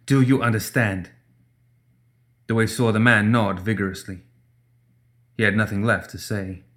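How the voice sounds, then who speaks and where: Deep-voiced man narrating a story. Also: fairly even intonation, normal speed, a bit bright. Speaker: audiobook narrator.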